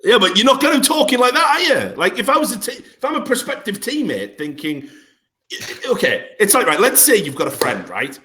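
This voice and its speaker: A young man co-hosting a podcast, ranting in animated bursts and swearing freely. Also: sits high, fairly quick. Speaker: podcast co-host. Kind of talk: casual podcast banter.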